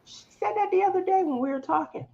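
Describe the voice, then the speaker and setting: A middle-aged woman hosting a casual chat, telling animated stories and laughing often. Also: very high-pitched, quick pace, creaky, highs cut off. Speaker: host.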